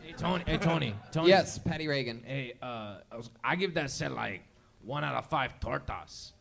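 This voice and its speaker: A man who is a regular on a comedy show, heckling from the side with laughing, gravelly remarks. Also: mid-range voice, expressive, moderate pace, a bit bright.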